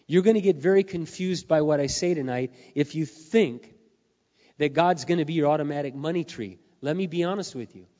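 A middle-aged man preaches in a slightly high voice that is going hoarse. He talks earnestly, dropping to quiet confessions, then building to loud, emphatic peaks. The sound is muffled, with a long reverb from a large hall. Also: brisk. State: losing his voice. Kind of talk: sermon.

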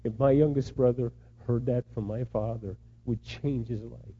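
A middle-aged man preaching a sermon, moving between hushed, tender asides and loud, impassioned pleas. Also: mid-range voice, steady tone, moderate pace, narrow, tinny audio. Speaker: pastor.

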